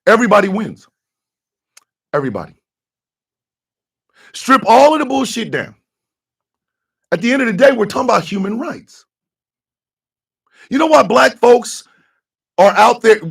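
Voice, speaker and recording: A man from the United States hosting a radio morning show, giving fiery, profane commentary that bursts into shouting. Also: very high voice, sing-song, unhurried, creaky, long pauses, husky.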